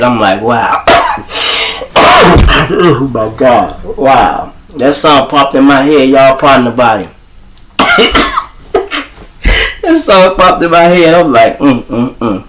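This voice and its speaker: A man's voice: fairly low pitch, a bit bright, a little hiss or hum, poor audio. Chicago guy hosting a live stream, speaks bluntly, swears a lot, talks right to his viewers. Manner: blunt, profane storytelling addressing viewers. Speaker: livestream show host. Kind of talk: casual live monologue.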